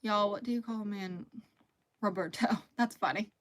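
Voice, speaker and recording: A woman in her thirties hosts a relaxed live crochet stream in a mid-range voice at normal speed. She chats casually, reads chat messages aloud and laughs often.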